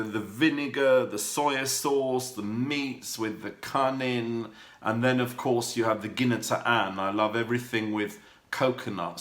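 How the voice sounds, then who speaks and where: A man talking candidly to camera in a personal vlog, rambling warmly with fillers and restarts. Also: on the low side, echoey room. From United Kingdom. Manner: warm rambling talk with many fillers and restarts. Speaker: vlogger.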